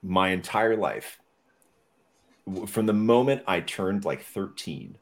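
A man with a deep, radio-like voice, a French speaker, rambling through stories as a podcast guest. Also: animated, slow pace. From Canada. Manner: rambling, self-deprecating storyteller with many fillers. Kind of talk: casual chat.

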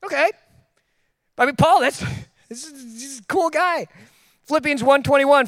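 A man preaching a sermon in a casual, joking way, with quick asides to the congregation. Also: extremely high pitch, expressive, a bit bright, dry recording, clean studio sound. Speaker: pastor. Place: church.

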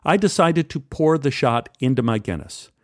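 A man's voice: mid-range voice, expressive, no echo. Wry man telling a story, dry close sound. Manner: measured, wry narration. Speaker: storyteller, podcast host. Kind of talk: told personal story.

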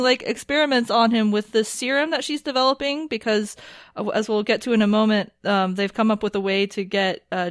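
Animated woman recapping a show, dry sound. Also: mid-range voice, dry recording. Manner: animated recapping, laughs often. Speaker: podcast host. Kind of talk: casual chat.

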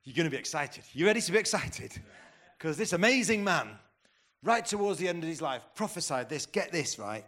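A man's voice: a little high, sing-song, normal speed, fairly bright tone. A man in his fifties preaching a conference sermon, rousing and quizzing the crowd, often restarting his sentences. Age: 50s. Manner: rousing, asks the crowd questions, stumbles and restarts.

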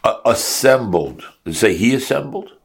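A man's voice: on the low side, animated, normal speed, creaky. A man teaching a Torah class to his congregation, asking rhetorical questions and mixing in Hebrew and Yiddish terms.

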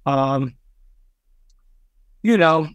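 Older New man, talkative guest storyteller with a raised pitch. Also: extremely slow, clear, resonant tone, dry recording. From Brooklyn, New York. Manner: chatty, warm-hearted, many fillers and restarts. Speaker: podcast guest, record executive. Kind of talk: storytelling interview.

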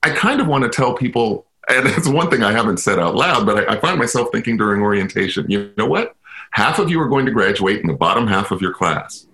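On a radio interview, a Chicago-born university inclusion officer recounts a personal story, reflective and quick to poke fun at himself. He sounds low-ish, expressive, and a little fast, with a bright, forceful tone.

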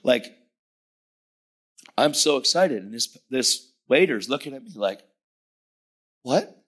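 A middle-aged man preaching a testimony sermon, animated, acting out dialogue and dropping at times to a whisper. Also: mid-range voice, measured pace. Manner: animated storytelling, acts out dialogue, drops to whispers.

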